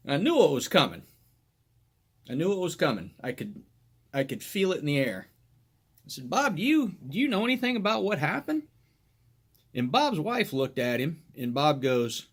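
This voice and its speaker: A man's voice: fairly high pitch, big pitch swings, unhurried, long pauses, fairly bright tone, slightly rough. Laughing man telling a police story. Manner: laughs often while telling, crude humor. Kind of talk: casual anecdote storytelling.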